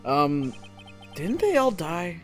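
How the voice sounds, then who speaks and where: Gaming co-host, crude jokes, animated pitch, soft music. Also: slow. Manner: jokey and crude. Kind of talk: casual let's-play banter.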